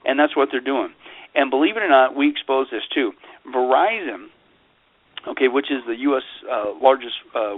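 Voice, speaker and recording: Sarcastic pastor on a phone line. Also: male voice, medium pitch, dry recording. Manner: sarcastic, mocking put-on voices. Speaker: pastor and interview guest. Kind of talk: animated interview talk. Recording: tinny phone-line audio.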